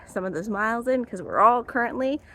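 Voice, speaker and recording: A woman's voice: fairly high pitch, expressive, fairly quick, fairly bright tone, slight background noise. A young adult woman, a drama teacher, chatting casually in her vlog, rambling with lots of fillers and little laughs.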